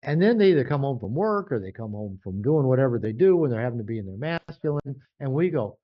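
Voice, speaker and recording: An older man, an author being interviewed, talking casually and animatedly, often jumping higher to act out quoted voices. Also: sing-song, fast talker, few pauses, dull audio. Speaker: author and guest.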